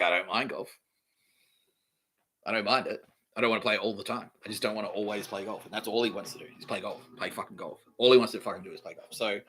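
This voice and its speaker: A man's voice: on the low side, sharp tone, slightly rough. A man hosting a podcast, telling a long story in a rambling, profane, repetitive monologue. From Australia. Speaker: podcast host.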